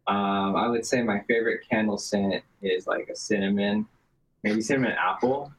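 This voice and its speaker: A man who plays bass in a band, a guest in a casual interview, relaxed with deadpan jokes. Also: moderate pace, a crowd in the background, poor audio.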